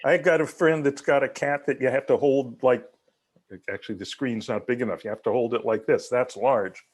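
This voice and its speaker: A man's voice: mid-range voice, fairly even intonation, normal speed, breathy edge. A man leading an online haiku workshop, asking questions and teaching in a talkative way with many restarts.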